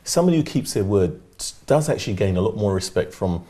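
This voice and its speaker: A man's voice: on the low side, expressive, fast talker, warm tone. A man, a regular guest on a talk show, giving upbeat motivational advice and asking rhetorical questions. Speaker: regular life coach guest.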